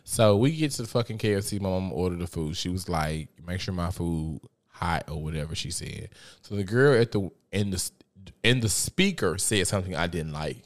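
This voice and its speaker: A man with a fairly low voice hosts a casual podcast and tells a family story. His delivery is animated and profane, and loud laughs break through. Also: moderate pace. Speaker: podcast host.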